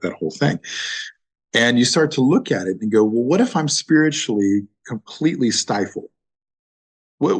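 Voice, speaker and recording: A man speaking as a podcast guest in casual conversation, animated and emphatic, with casual swearing. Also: fairly low pitch.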